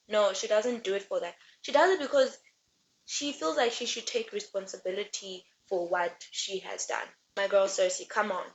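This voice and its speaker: A young woman giving a casual book recap and rant, chatty and rambling with animated asides. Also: mid-range voice, normal speed, rough recording. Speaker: book reviewer.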